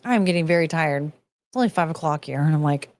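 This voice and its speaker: A woman's voice: low voice, expressive, fairly quick, no room sound. A woman hosting a casual livestream who rambles, chats to her pet and breaks into bits of song. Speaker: podcast host.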